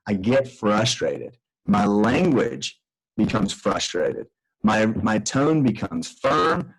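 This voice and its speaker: A middle-aged man, an extension educator, records a parenting lesson from a room in his home, speaking earnestly and conversationally and often restarting his sentences. His fairly low, slightly rough voice is very animated but slow, and the recording quality is low.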